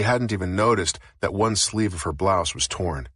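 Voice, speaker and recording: A man narrating a novel as an audiobook in a steady, even reading. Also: low-pitched, moderate pace, hardly any pauses, slightly rough, no room sound, clean studio sound.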